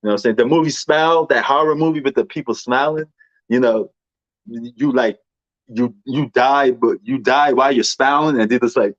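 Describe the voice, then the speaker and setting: A man with a New York accent rambles in casual chat, tossing in slang and fillers. His voice sits at an average pitch. The sound is dry and a bit muffled. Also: moderate pace, no room sound. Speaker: movie commentator.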